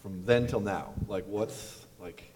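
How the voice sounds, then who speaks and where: A man's voice: on the low side, slow, darkish tone, in a large hall, slight background noise. A man hosting a casual conversation, joking and asking follow-up questions. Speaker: host.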